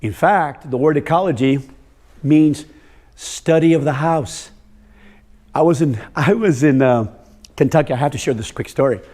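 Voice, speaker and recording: An older soil health presenter lectures a live audience of farmers in a workshop room, storytelling and quizzing them as he goes. His fairly high, slightly mellow voice moves at a moderate pace with long pauses.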